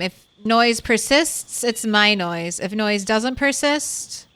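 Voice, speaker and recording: A woman's voice: medium pitch, lively intonation, slow pace, bright, forceful tone, clear, resonant tone. A young woman streaming a zombie survival game, chatting casually with viewers and laughing often. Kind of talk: casual gameplay commentary.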